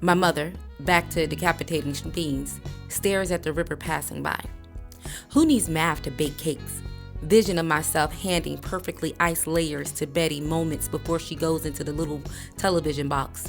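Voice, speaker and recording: A woman with a notably low voice reads a memoir aloud at a measured, even pace. Her delivery is a calm audiobook narration. Faint music sits quietly beneath her. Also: gravelly. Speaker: book reader.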